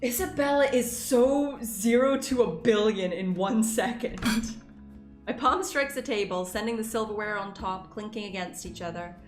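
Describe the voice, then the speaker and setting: A young Scottish woman with a Scottish accent reads a story game aloud, reacting in an animated, swearing, laughing way. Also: mid-range voice, a little slow, reverberant, faint music behind. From Scotland. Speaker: gaming YouTuber.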